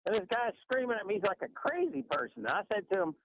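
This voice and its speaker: Texan guy calling into a radio show, high gravelly voice, rambling folksy yarn. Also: big pitch swings, fast, crowd noise, poor audio. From Texas. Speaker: radio caller. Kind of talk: call-in chat.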